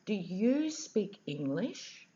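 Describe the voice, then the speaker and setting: A woman voicing a friendly but awkward American woman who talks loudly and slowly. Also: very deep voice, big pitch swings, reverberant, full character voice. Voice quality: loud and slow. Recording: dull lo-fi audio.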